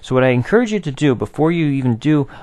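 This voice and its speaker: A man's voice: mid-range voice, lively intonation, quick pace, a little mellow, dry recording. A man teaching a recorded aural theory lesson, patiently explaining and chanting rhythm syllables.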